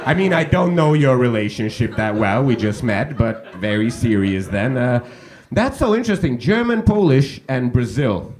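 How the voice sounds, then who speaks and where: A man's voice: on the low side, darkish tone. A man doing stand-up crowd work on a comedy club stage, teasing the audience with chatty questions into a handheld mic.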